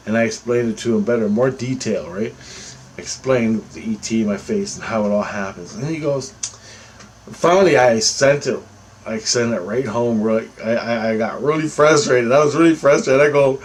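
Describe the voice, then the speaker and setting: A man telling a personal story in a rambling, casual way, getting animated when he quotes what others said. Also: mid-range voice, normal speed, a little hiss or hum, rough recording.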